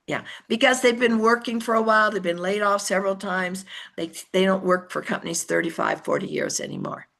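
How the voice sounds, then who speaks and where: A woman's voice: mid-range voice, fairly even intonation, fairly quick, creaky, fairly bright tone. A woman giving a direct, emphatic talk to a team and putting questions to her listeners. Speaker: speaker addressing a team.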